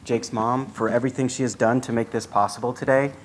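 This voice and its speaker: A man's voice: medium pitch, fairly even intonation, fast, heavy background noise. A man in his forties, a father thanking the guests at his son's bar mitzvah, hesitant and full of ums and uhs. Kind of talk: casual speech to guests.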